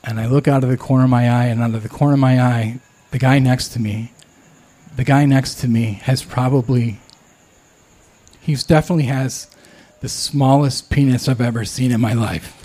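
A man telling a true personal story, candid and self-deprecating, often pausing and restarting. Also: mid-range voice, steady tone, mellow.

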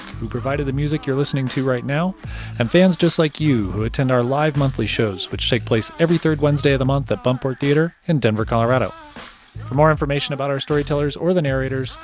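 A man who produces a podcast, reading the closing credits from a script at a steady, even pace. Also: medium pitch.

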